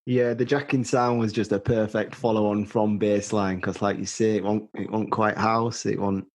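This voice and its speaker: A man hosting a podcast, asking questions in a relaxed and agreeable way. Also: on the low side, moderate pace, no echo. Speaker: podcast host. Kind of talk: casual interview.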